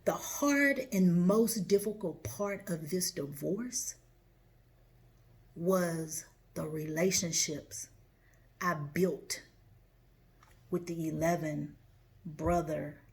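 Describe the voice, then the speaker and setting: Emphatic woman telling her story. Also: lowish voice. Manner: animated, emphatic retelling with acted-out quotes. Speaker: podcast host. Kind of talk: personal storytelling podcast.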